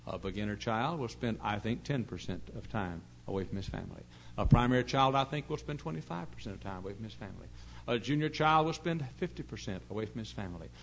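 A middle-aged man pastor preaching a sermon in an earnest storytelling way, dropping to hushed asides and rising to loud emphasis. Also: fairly low pitch, expressive, fast talker, a little hiss or hum, rough recording. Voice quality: gravelly.

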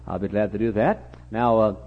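A man voicing a shrewd female fortune teller who speaks low and hushed, in a dull lo-fi recording. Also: fairly even intonation, moderate pace.

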